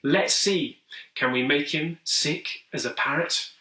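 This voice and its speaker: Guy reading a calm clever kid, coaxing, bright tone, slow, echoey. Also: a little high. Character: clever calm helpful boy, Henry. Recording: roomy echo, distant mic.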